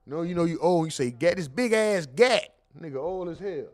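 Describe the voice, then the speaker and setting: A man hosting a casual commentary livestream, reading the chat aloud and bantering in loud, laughing, slangy outbursts. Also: a little high, expressive, normal speed.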